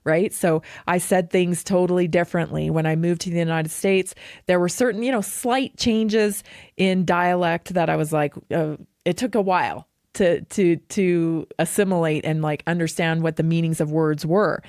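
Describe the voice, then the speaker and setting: A woman from Canada hosting a radio show, talking in a chatty, animated way, repeating points for emphasis and laughing easily. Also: on the low side, moderate pace, no room sound, clean studio sound. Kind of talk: casual monologue.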